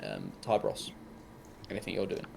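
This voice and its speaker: A man's voice: low voice, very animated, normal speed, gravelly, background noise. A man narrating as game master, rambling with lots of ums and likes.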